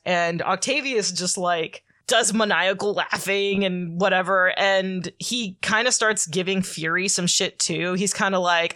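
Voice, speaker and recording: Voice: mid-range voice, bright, forceful tone, no echo, studio quality. A podcast co-host casually recapping a comic story, rambling with lots of filler words and the odd swear.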